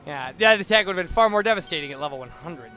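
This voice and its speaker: Bright-voiced man chatting over gameplay. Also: fairly high pitch, expressive, racing, soft background music. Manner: chatty, laughs often. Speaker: gaming video host. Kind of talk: casual gameplay commentary.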